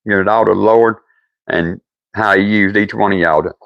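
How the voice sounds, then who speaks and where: Folksy older man with a Deep South drawl. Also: steady tone, moderate pace, creaky, dry recording, highs cut off. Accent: Deep South American. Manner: folksy, rambling. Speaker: livestream host. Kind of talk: casual livestream chat with viewers.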